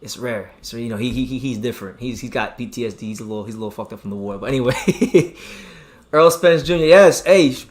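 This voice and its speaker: A man hosting a live boxing stream, talking excitably, repeating himself and reading out the chat. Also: fairly high pitch. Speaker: boxing channel host.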